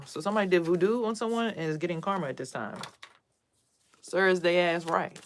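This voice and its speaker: A woman talks casually to her viewers, blunt and full of swearing. Her voice sits low. A faint hiss runs under the recording. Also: moderate pace. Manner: blunt, swears a lot, animated quoting of others. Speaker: vlogger and spiritual reader. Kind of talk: casual rant to camera.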